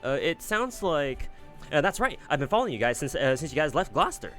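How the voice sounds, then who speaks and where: A man reads game dialogue aloud, doing a voice for an eager, chipper young woman in a mock American Southern accent. His pitch is fairly high with big swings, his pace a little fast and his tone a bit bright, and he rambles and often stumbles over the lines while faint music plays behind him.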